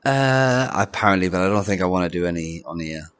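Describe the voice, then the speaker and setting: A man's voice: deep voice, animated, brisk, fairly bright tone, no room sound. A Welsh-born man co-hosting a casual podcast chat, laughing often and restarting his sentences. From Wales. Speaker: podcast co-host.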